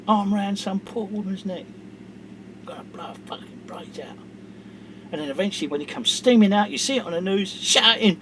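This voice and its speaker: A middle-aged man, ranting to camera in an angry monologue that swings from low mutters to shouting. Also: animated, moderate pace, slight background noise. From England. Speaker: vlogger.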